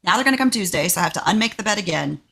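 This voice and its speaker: A woman's voice: medium pitch, lively intonation, racing, creaky, a bit bright, slightly rough. A woman co-hosting a podcast, telling an everyday story in a chatty, exasperated way. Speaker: podcast co-host. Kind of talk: casual chat.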